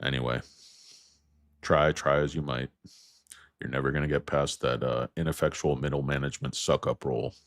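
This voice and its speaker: A man with a very deep voice hosts a stock market show in a loose, rambling way. He makes crude, self-mocking jokes and rattles off stock moves in a flat list. The sound is dry and close, with almost no room. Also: normal speed, long pauses, dry recording. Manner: crude, self-mocking, riffs into jokey tangents. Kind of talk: rambling casual market chat.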